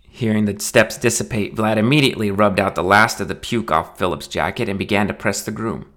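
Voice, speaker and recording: A man with a lowish voice reads a comic short story aloud. His delivery is dry and wry, steady scripted narration. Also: fairly quick.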